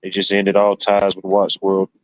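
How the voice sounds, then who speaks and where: A man with a low, monotone voice at normal speed hosts a livestream, chatting casually, rambling and joking with "you know" sprinkled throughout. The recording is dry and the audio poor.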